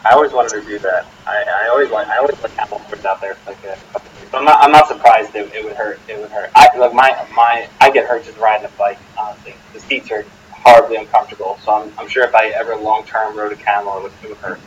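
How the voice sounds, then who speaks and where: A man chatting casually, rambling with halting restarts and eager enthusiasm. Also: fairly low pitch, fairly even intonation, dull audio. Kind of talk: casual chat. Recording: distant mic with faint noise.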